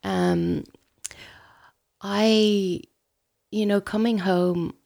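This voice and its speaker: Soft-spoken woman with a gravelly edge. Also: medium pitch, fairly even intonation, drawn-out words. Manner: soft, hesitant, often breathy and near-whispered. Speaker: guest sharing a personal story. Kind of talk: intimate conversation.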